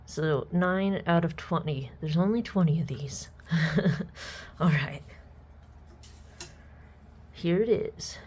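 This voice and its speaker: A woman chatting casually as she unboxes a collectible on her channel, excitable and sometimes dropping to soft murmurs. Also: deep voice, takes it slowly, pauses often, husky. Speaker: unboxing vlogger.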